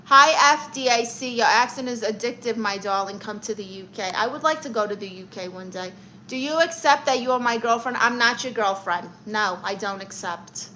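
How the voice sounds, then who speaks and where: Brief: bright-voiced, sassy New woman, comic live-stream auntie teasing her chat, faint room hiss. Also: a little high, moderate pace, poor audio. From Brooklyn, New York. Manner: sassy, teasing, calls viewers honey and darling. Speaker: livestream host playing an aunt character.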